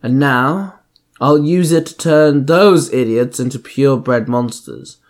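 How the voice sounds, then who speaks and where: A man's voice: mid-range voice, slow, close to an everyday voice. A man voicing an arrogant god-king villain who scolds and commands. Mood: scornful. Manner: scornful, commanding.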